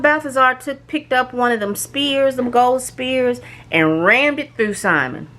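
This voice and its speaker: A woman casually recapping a show's episodes, telling the story in an animated way and acting out the characters' lines. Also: mid-range voice, moderate pace. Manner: animated storytelling, acts out quoted lines, frequent restarts and fillers. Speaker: reviewer recapping a show.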